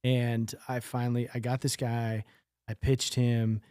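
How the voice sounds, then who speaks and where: A man's voice: mid-range voice, measured pace, smooth, dry recording, studio quality. Man telling a sales story on a podcast. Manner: animated storyteller with laughs. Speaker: business development manager. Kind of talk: casual podcast chat.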